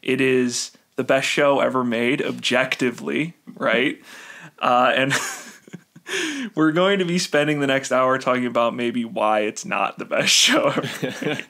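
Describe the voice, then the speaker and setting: A man's voice: medium pitch, a little slow, pushed and bright. A young man hosting a casual podcast chat, joking, laughing often, talking in a loose, rambling way. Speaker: podcast host.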